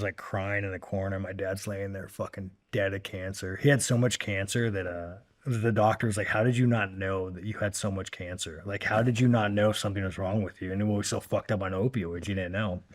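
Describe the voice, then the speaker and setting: A man in his thirties, a podcast guest talking bluntly and profanely in a rambling, filler-filled way. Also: lowish voice. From United States. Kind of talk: casual long-form interview talk.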